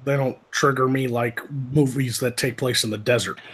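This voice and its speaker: A man's voice: medium pitch, steady tone, normal speed, a bit bright, slightly rough. A man chatting casually on a podcast, rambling with lots of swearing and restarts. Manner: rambling, profane, many restarts. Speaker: podcast co-host, military veteran. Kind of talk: casual chat.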